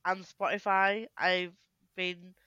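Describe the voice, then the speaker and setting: A woman's voice: lowish voice, flat delivery, bright, forceful tone, clear, resonant tone, no echo, muffled recording. A young woman, co-hosting a casual podcast chat on a headset mic, laughing often and restarting her sentences. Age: young adult. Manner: giggly, talks in quick bursts with restarts. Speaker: podcast co-host.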